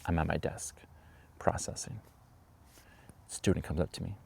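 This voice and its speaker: A man, a teacher, telling a lively story from his classroom in a vlog and acting out the voices. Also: sits low, moderate pace, gravelly, slightly rough. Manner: animated storyteller, acts out voices.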